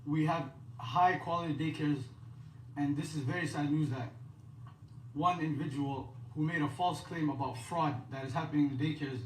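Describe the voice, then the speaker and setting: A man speaking as a daycare spokesperson, giving an earnest prepared statement in measured, halting phrases. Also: fairly high pitch, steady tone. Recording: roomy echo, distant mic, faint background hum.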